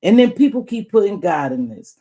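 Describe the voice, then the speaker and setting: A woman's voice: medium pitch, big pitch swings, fairly quick, warm tone. A woman hosting a live stream in a blunt, preachy rant, swearing freely.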